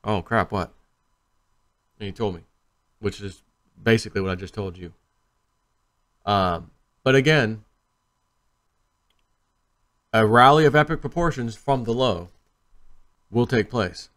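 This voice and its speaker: A man talks casually to camera in a vlog, rambling and animated, acting out quotes as he tells stories. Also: on the low side, a little slow, long pauses. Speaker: crypto video host.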